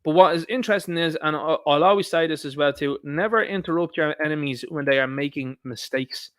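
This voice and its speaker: A man rants through a solo political commentary, combative and quick to swear. His voice sits fairly high, and the sound is dry and close. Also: no echo.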